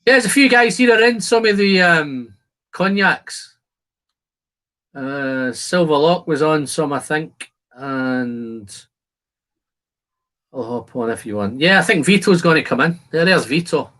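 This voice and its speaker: A man's voice: a little high, lively intonation, measured pace, fairly bright tone, rough recording. Chatty man hosting a live stream. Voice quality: chatty, swears, laughs often. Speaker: livestream host. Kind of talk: casual chat.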